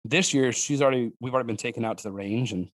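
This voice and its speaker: On a casual podcast, a male guest who cooks wild game and hunts tells animated stories full of restarts and fillers. He acts out his daughters' lines in a higher voice. He talks very fast, and the recording is dry.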